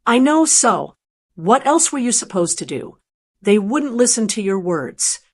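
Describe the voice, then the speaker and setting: A protective grown daughter, put on by a woman narrator, speaks with urgent emphasis. Her voice sits a little higher than the narration around it, yet she never rushes. The lines come in a storybook reading rather than a full character performance. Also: sing-song. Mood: fierce. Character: fierce, protective adult daughter on the phone.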